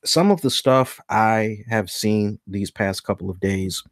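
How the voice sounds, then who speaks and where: A man in his thirties hosting a podcast, telling a story in a casual rant, acting out the people in it with big jumps in pitch and some swearing. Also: measured pace, dry recording, studio quality. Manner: animated, acts out quoted dialogue with big pitch jumps, swears. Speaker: podcast host.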